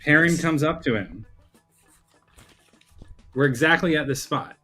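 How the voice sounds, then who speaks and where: A man's voice: fairly high pitch, a little slow, pushed and bright, faint music behind. Matter-of-fact man explaining a book scene. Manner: explaining, matter-of-fact, reads passages aloud. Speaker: podcast co-host. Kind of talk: casual book-discussion chat.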